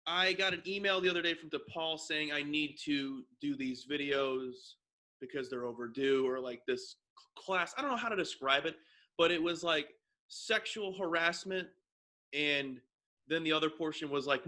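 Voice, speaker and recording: A man's voice: on the high side, normal speed. A young man, a podcast co-host, chatting casually and acting out the people in a story he tells. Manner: animated storyteller, mimics people in skits.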